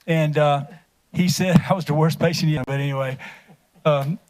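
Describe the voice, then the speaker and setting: Man, slightly high voice, folksy joking storyteller at a council meeting. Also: fairly even intonation, moderate pace, darkish tone, a little hiss or hum. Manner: folksy, jokey storytelling, laughing often. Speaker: council member. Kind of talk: anecdotal tribute speech. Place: council chamber.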